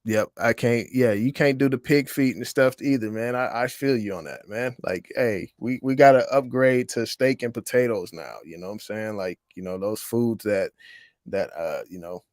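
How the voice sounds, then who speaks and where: A man's voice: on the low side, moderate pace, darkish tone, dry recording, studio quality. A man hosting an investing livestream, chatting casually with viewers in a rambling, slangy way with lots of fillers. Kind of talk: casual livestream chat reading viewer comments.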